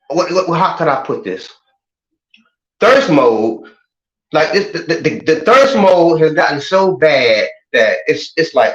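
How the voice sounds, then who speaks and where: A man with a high, lively voice talks in an animated, streetwise way and often repeats words while he looks for the next one. The sound is muffled and echoes around the room. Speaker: guest. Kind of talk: casual talk show discussion.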